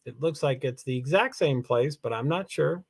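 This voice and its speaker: A man's voice: medium pitch, normal speed, creaky. A tired man hosting a casual livestream, rambling with many fillers as he reads out names and chats to viewers. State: tired, yawning. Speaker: livestream host.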